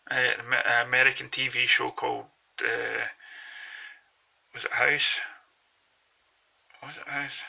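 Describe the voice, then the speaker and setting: Rambling Glaswegian man, gravelly voice. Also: medium pitch, pushed and bright, rough recording. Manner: rambling, hesitant, meandering. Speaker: vlogger. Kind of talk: casual rambling monologue. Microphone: phone held close.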